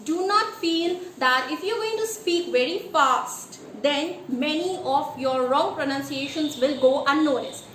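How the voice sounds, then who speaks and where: A woman teaching English pronunciation in a deliberate, emphatic way, checking in with her listeners with a rhetorical "yes?". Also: sits high, a bit bright. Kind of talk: instructional lesson. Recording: echoey room with faint ambient noise.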